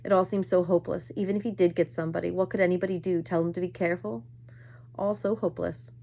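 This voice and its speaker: A woman reads a novel aloud in a lowish voice. Her delivery is measured and even, with an occasional small slip. It sounds like a plain home reading. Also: creaky. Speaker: reader.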